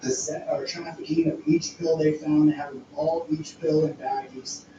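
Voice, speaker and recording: Man, rambling frank storytelling, fairly high voice, booming echoey room, distant mic. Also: steady tone, normal speed, dark tone, highs cut off. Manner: rambling, frank, restarts often, swears. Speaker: storyteller recounting his past. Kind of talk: casual conversational storytelling. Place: home studio room. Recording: very echoey room, far from the mic, noisy background.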